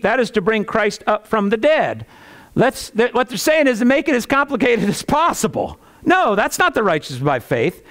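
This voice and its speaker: A man preaching a sermon as pastor, animated, with folksy asides and chuckles. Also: moderate pace. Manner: animated preaching, rising pitch on rhetorical questions.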